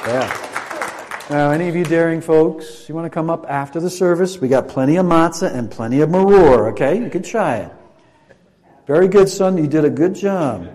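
A man's voice: on the high side, expressive, normal speed, mellow, some chatter behind, slight background noise. A man preaching in a church, leading a Passover demonstration and joking playfully with volunteers. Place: church sanctuary.

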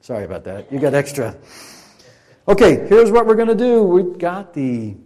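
Preacher guy in a church, jokey with volunteers, kinda high but mellow voice. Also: sing-song, moderate pace. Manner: playful, joking with volunteers. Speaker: preacher leading a Passover demonstration. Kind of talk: church teaching demonstration. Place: church sanctuary.

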